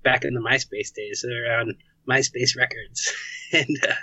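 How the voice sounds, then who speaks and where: Laid-back man, bright voice, dry lo-fi. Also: mid-range voice, fairly even intonation, moderate pace, husky, no echo. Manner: laid-back, chatty, lots of "like" and "you know". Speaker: guest, game developer and musician. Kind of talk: casual interview chat.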